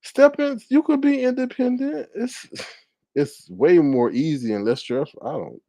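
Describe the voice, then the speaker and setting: A man hosting a livestream, reading chat and gossiping in a sassy, animated way, often laughing and jumping into high mocking tones. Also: a little slow, no room sound. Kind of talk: casual gossip commentary.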